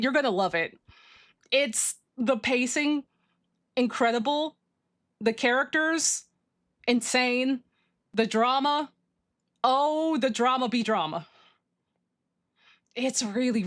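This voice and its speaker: A woman livestreaming, chatting casually with her viewers, gushing and excitable as she reads chat. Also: high-pitched. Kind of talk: casual stream chat, reading chat.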